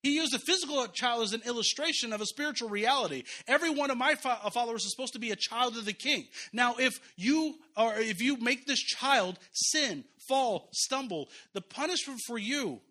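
A man's voice: very high voice, lively intonation, a little fast, hardly any pauses, pushed and bright. A man preaching a sermon in a church, talking conversationally with chuckles and repeated phrases. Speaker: pastor.

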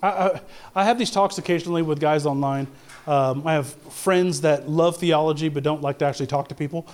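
A man's voice: fairly high pitch, a little fast, darkish tone. A man preaching a sermon in a conversational way, with stumbles and restarts, rising to emphatic peaks. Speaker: pastor.

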